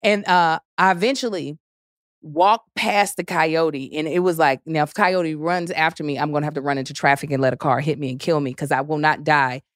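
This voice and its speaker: A woman with a deep voice speaks at a moderate pace in clean, studio-quality sound with no echo. She's a podcast guest chatting casually, an animated storyteller who acts out quotes and laughs often.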